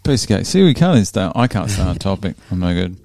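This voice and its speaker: A man's voice: deep voice, very animated, quick pace, dark tone, no echo, studio quality. A man hosting a casual interview, blunt, swearing freely and drifting off topic. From Australia. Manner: blunt, swears often, easily sidetracked. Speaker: podcast host.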